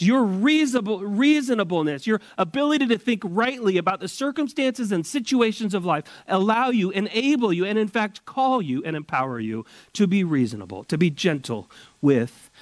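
A man preaching a sermon at a church service, drawing out key phrases slowly for emphasis. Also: high voice, dry recording. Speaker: pastor.

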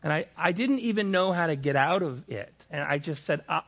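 A man's voice: on the high side, animated, a little fast, creaky, fairly bright tone, highs cut off. A middle-aged man preaching a sermon, telling personal stories candidly with frequent restarts and repeated phrases. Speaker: pastor.

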